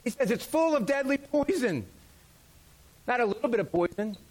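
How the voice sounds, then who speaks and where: A middle-aged man preaching a sermon, animated and playful, acting out quoted voices with self-deprecating humor. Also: very high-pitched, moderate pace. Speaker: pastor.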